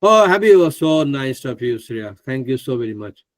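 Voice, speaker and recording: A chatty man runs a live online trading class, exclaiming and laughing as he goes. His voice is close and dry, with no room sound around it. He sits at a middle pitch for a man. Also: big pitch swings, normal speed, no room sound. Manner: stumbles over names, asks others to pronounce them. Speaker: trading course presenter.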